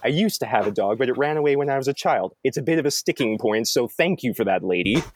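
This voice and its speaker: A young man telling a story in a casual chat, animated and acting out quoted lines in a raised voice. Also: mid-range voice, quick pace, noisy background. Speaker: storyteller guest.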